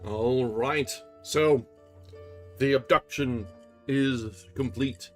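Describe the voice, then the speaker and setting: A man reading a classic novel aloud on a livestream, steady narration with casual asides. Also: mid-range voice, drawn-out words, faint music behind. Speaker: audiobook reader on a livestream.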